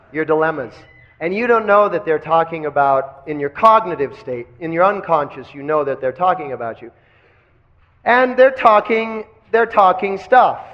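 A man teaching kundalini yoga in a live lecture, asking the class questions and having them repeat phrases back. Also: fairly high pitch. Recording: dull lo-fi recording.

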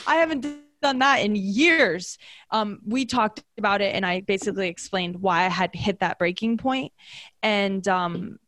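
A woman with a mid-pitched voice chats openly about her own experience. She rambles a bit, with fillers and self-corrections. The sound is dry and close. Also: unhurried, a bit bright, no room sound. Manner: candid, chatty storytelling with fillers. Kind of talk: casual conversational chat.

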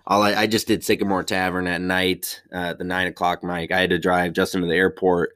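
Young comic dude swearing through a story, lowish voice, dry sound. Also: male voice, a little fast, clear, resonant tone, dry recording. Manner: profane, animated storytelling. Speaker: stand-up comedian. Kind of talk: casual storytelling.

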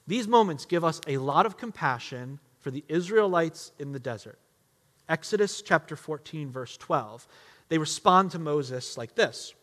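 A man preaching a sermon in a church sanctuary, his voice bright and a little high, ringing with a long hall reverb. He is emphatic and swings between loud outbursts and hushed, quiet lines. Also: lively intonation, measured pace. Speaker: pastor.

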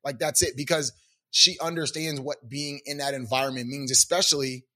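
A man's voice: medium pitch, normal speed. A man in his thirties co-hosting a casual podcast chat, telling stories and acting out other people's lines. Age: 30s. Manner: animated storyteller, acts out quotes in character. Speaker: podcast co-host.

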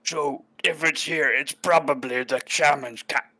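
A man voicing a gruff, impatient male goblin who talks bluntly and scornfully, in a tabletop game. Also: on the high side, fairly even intonation, measured pace, pushed and bright.

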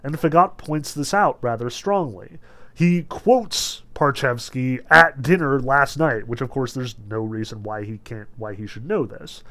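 A man's voice: medium pitch, measured pace, a bit bright. A man lecturing about a novel in a casual, chatty way, often saying "like" and "notice". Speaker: literature lecturer. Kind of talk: lecture with read-aloud passages.

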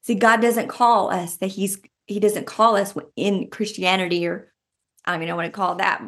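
A woman giving passionate devotional preaching, animated and fervent, breaking into laughter at times. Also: medium pitch, moderate pace. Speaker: devotional author and speaker.

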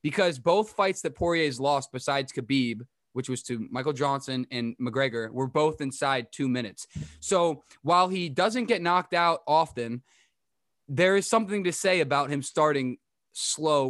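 A young adult man hosting a casual sports update to camera, rambling and chatty with quick asides. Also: mid-range voice, fairly bright tone, dry recording, clean studio sound. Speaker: podcast host giving a sports update.

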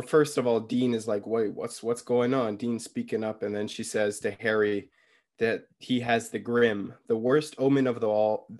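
A young man co-hosting a podcast, casually retelling a book chapter with lots of fillers and quick quoted lines. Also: lowish voice. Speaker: podcast co-host.

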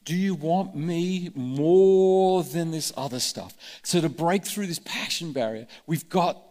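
A pastor with a fairly high, slightly mellow voice preaches a sermon slowly but with passion, acting out the voices of those he quotes. A long hall reverb surrounds him.

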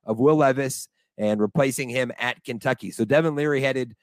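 A young American man co-hosting a casual sports podcast, talking with animated enthusiasm and laughing easily. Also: medium pitch, a little fast, dry recording. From United States. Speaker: podcast co-host.

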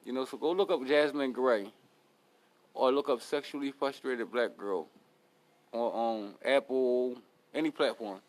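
Man, podcast host, casual monologue, blunt, swearing, motivational, middle pitch. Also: a little slow.

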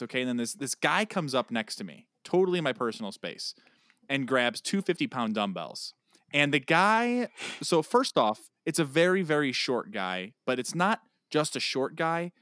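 A man co-hosting a podcast who tells his stories with animation and gets loud when he's riled. His voice sits at an ordinary pitch, and the sound is dry and close with no room echo. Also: big pitch swings, moderate pace. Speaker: podcast co-host. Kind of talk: casual chat.

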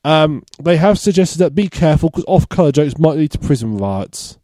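A man's voice: fairly high pitch, expressive, normal speed, mellow, no room sound. Man reading odd news, laughing. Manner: reads out odd news stories with laughing asides. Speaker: podcast host. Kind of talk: casual comedy podcast chat.

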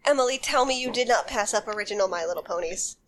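A woman co-hosting a book podcast, chatting casually and excitably, with easy swearing. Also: mid-range voice, quick pace. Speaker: podcast co-host.

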